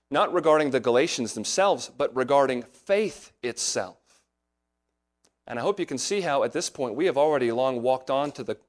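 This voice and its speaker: A man preaching an expository sermon as pastor, earnest and explanatory, often asking his listeners rhetorical questions. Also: medium pitch.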